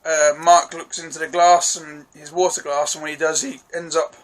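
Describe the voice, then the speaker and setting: A man's voice: fairly high pitch, little pitch movement, normal speed. A man casually reviewing a TV episode, chatty and apologetic as he recaps scenes with quoted lines. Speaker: TV show reviewer.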